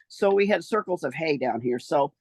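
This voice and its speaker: Gravelly older woman telling her story. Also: low voice, animated, moderate pace, darkish tone, dry recording. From American rural West. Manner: folksy, rambling, trails off and restarts. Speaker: interviewee recounting her life. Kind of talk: casual storytelling.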